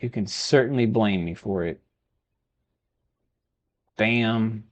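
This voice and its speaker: A man's voice: fairly low pitch, takes it slowly. A man from Texas giving casual let's-play commentary as he builds a city, chatting and muttering to himself. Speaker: gaming video host.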